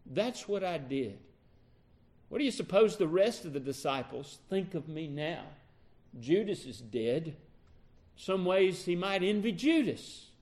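A man acts out a broken-hearted apostle, an adult man pleading aloud over his own failure in a sermon retelling. The voice rides high and climbs as the anguish builds, with slow, drawn-out lines. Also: sing-song, a little mellow. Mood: remorseful. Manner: anguished, pleading self-reproach. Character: grieving remorseful adult male apostle.

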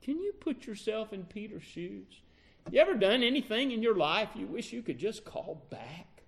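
A man's voice: high voice, sing-song, moderate pace, gravelly, fairly bright tone. A male preacher delivering a sermon, retelling a scene dramatically and asking the listeners direct questions.

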